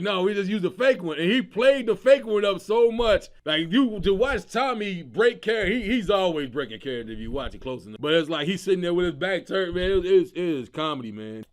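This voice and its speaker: A man hosting his own comedy show, talking casually and with lots of slang, often laughing as he riffs. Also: high voice. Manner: animated, slangy, breaks into laughter. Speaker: comedian host.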